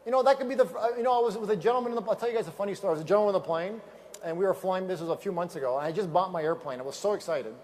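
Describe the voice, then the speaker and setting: A man giving an energetic motivational speech at a sales event, emphatic and repetitive, telling stories from a stage microphone. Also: high voice, very fast, slight background noise.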